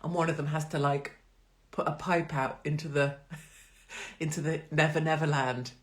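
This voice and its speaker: Low-voiced woman host, chatty and blunt. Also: steady tone, normal speed. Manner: chatty, laughs often, sarcastic and blunt. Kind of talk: casual live-stream chat.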